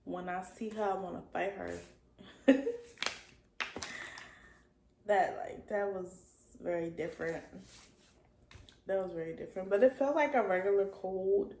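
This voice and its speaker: A young woman around twenty tells a casual storytime to her camera, her voice carrying a gravelly fry. She talks loosely, with plenty of "like," and sometimes trails off soft. The room sounds echoey, with a faint hum of ambience behind her. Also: medium pitch, unhurried, pauses often. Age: young adult. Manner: casual slangy talk with many likes, drifting soft at times. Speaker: vlogger.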